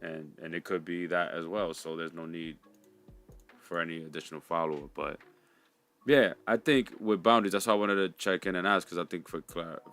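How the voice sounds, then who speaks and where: Deep-voiced man, thoughtful and halting. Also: a bit bright. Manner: thoughtful, halting, many restarts. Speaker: co-host. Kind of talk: reflective podcast conversation.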